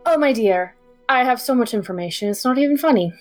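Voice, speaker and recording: A woman's voice: a little high, expressive, fast talker, a little mellow, soft background music. Playful woman player. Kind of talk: tabletop role-play chat.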